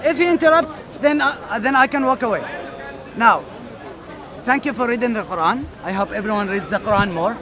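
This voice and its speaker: High-voiced young man debating outdoors. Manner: firm, deliberate, insistent questioning. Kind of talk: street debate. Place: outdoor public park. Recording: outdoor crowd chatter. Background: crowd.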